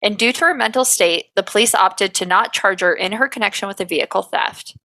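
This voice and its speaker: A woman's voice: medium pitch, brisk, sharp tone, dry recording. A young adult woman co-hosting a podcast, reading case notes aloud with fillers and little laughs. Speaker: podcast co-host.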